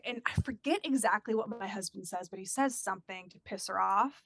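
A woman's voice: fairly high pitch, moderate pace, no room sound, studio quality. A woman telling a personal story in a casual chat and acting out the voices of the people in it. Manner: animated, acts out quoted voices.

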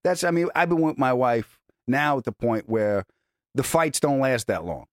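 A middle-aged man hosting a podcast in casual chat, laughing often and jumping high when quoting people. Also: expressive, normal speed, no echo, studio quality. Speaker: podcast host.

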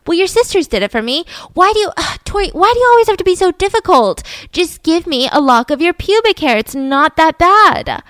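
A woman's voice: very high voice, very animated, brisk, hardly any pauses, fairly bright tone, no echo, voice pushed up, exaggerated voice. A woman voicing a cruel, taunting middle-aged mother who scolds her daughter with exasperation. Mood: scolding.

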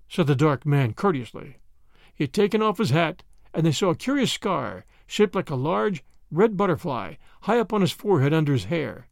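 A man narrating a classic short story in an expressive, measured storytelling manner. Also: on the high side, vocal fry, dry recording, clean studio sound.

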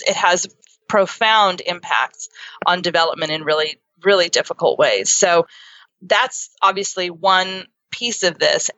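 A woman guest explains her ideas in an earnest, teaching way and reaches for vivid everyday examples. Her voice sits a little low but sounds bright and forceful. The recording is dry and a bit dull and lo-fi. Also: no room sound. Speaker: guest, psychotherapist and author. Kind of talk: explanatory interview talk.

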